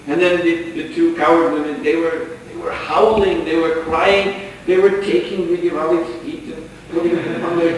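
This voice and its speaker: A man gives a storytelling sermon, chuckling often as he narrates. His voice is a little high for a man. He sounds distant in a very echoey hall, with a faint hiss behind. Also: steady tone, moderate pace, hardly any pauses. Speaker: lecturer. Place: lecture hall.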